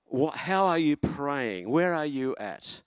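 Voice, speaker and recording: A man, preaching a sermon from a church lectern in an earnest, encouraging way, pausing and restarting as he goes. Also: on the high side, big pitch swings, smooth, no echo, clean studio sound. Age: 70s.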